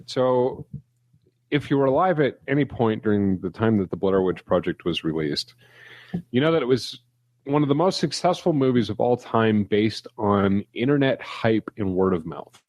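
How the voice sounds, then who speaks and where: A man co-hosting a casual podcast chat, telling stories in an animated way. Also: fairly low pitch, moderate pace, no echo. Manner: animated storyteller. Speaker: podcast co-host.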